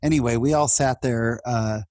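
A middle-aged man from California telling a personal story in conversation, his voice jumping up when excited. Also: medium pitch, moderate pace, no echo. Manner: animated, voice jumps up when excited.

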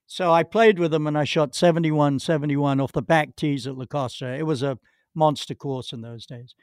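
A man with a slightly high voice speaks at normal speed in a steady tone, recorded in studio quality with no room sound. As a golf pro guest in an interview, he tells long anecdotes marked by hesitations and restarts.

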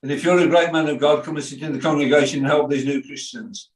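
Fast-talking, with a voice on the high side and fairly even intonation, an older Birmingham-accented Englishman preaches a sermon as pastor. He weaves in stories, asides, and quoted voices, captured from far away in an echoey room.

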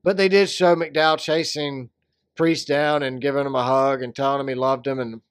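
A man co-hosting a casual podcast, chatting and joking in an animated way. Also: mid-range voice, normal speed, clear, resonant tone, no room sound, studio quality. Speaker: podcast co-host. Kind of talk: casual chat.

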